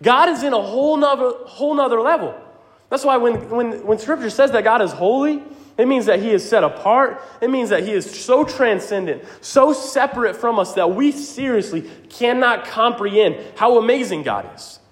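A man's voice: very high voice, animated, normal speed. A man preaching a sermon as pastor, earnest and emphatic, often checking in with the congregation. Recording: reverberant hall sound.

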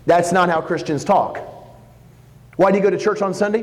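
A man preaching a sermon, animated and jokey, acting out quotes as he goes. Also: sits high, normal speed, big-room sound. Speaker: pastor.

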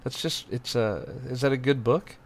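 A man's voice: medium pitch, normal speed, slight background noise. A middle-aged man, chatting casually in a rambling, jokey way. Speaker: co-host. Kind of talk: casual chat.

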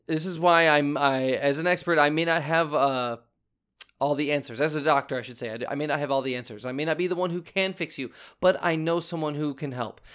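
Man, comedy podcast host, mock doctor, stammering, theatrical, slightly high voice. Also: steady tone, brisk, fairly bright tone, smooth.

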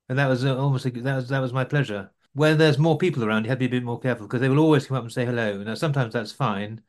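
Brit guy talking fast about his road trip, keeps restarting sentences, chatty interview. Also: mid-range voice. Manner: rambling, with frequent restarts and repeated words. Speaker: overland traveller being interviewed. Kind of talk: conversational interview answers.

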